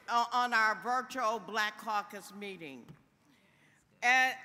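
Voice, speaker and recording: A woman welcoming members to a meeting as its chair, measured with some hesitant restarts. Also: high voice, bright, forceful tone. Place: large convention hall. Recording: long hall reverb.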